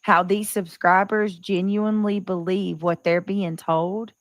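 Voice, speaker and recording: A woman on a livestream, calmly explaining her point step by step as she sets up a clip. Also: medium pitch, a little slow, no echo. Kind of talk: livestream commentary.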